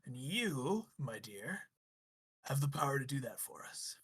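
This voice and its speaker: A man playing a brash space rogue who pitches a deal in a low, conspiratorial, persuasive voice. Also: big pitch swings, a little slow, fairly bright tone, breathy edge, heavily acted. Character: brash smooth-talking male space rogue.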